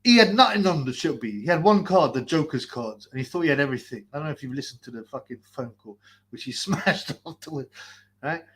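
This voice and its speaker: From a sweltering basement, a masked livestream host rants in a somewhat high, slightly bright voice with lively intonation and a fast pace. Between bursts of laughter he mocks people, his commentary crude and profane.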